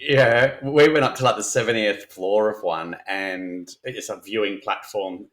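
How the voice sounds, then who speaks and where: A man's voice: on the low side, a little slow, fairly bright tone. A man who is a podcast guest, chatting casually and making dry, laid-back remarks. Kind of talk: casual chat.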